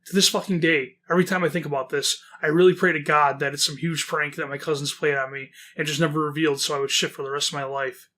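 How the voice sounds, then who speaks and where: A male horror story narrator with a bright, forceful voice pitched a little high. He mixes casual reading with rambling commentary, full of fillers and frequent swearing. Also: fairly even intonation, fast talker, few pauses. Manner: chatty, rambling, heavy swearing.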